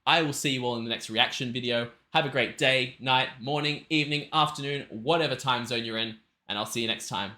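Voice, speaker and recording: A man's voice: medium pitch, a little fast, few pauses, pushed and bright. An Australian man hosting a reaction video, talking enthusiastically and emphatically in a rambling way. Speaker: reaction channel host.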